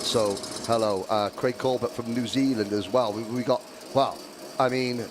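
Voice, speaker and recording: A man's voice: mid-range voice, steady tone, moderate pace, noisy background. A man giving live karting commentary, chatty and rambling with asides.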